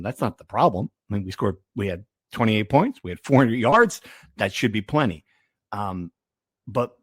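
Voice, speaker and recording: A man's voice: medium pitch, slightly rough, no room sound, clean studio sound. A man hosting a sports podcast, chatting casually and telling rambling stories with many restarts. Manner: rambling, self-interrupting storyteller. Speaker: podcast host.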